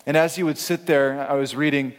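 A man's voice: fairly high pitch, steady tone, fairly quick, smooth, in a large hall. A man pastor preaching a sermon in a conversational, emphatic way, acting out quoted speakers.

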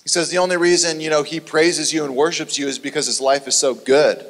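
A man preaching a sermon in an earnest, conversational way that sometimes turns animated. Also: on the high side, fairly quick. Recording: long hall reverb.

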